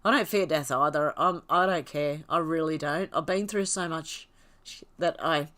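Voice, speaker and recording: A woman's voice: deep voice, normal speed, bright, forceful tone. A middle-aged woman hosting a casual livestream, reading viewers' comments aloud in a chatty, candid way with frequent giggles. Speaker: livestream host.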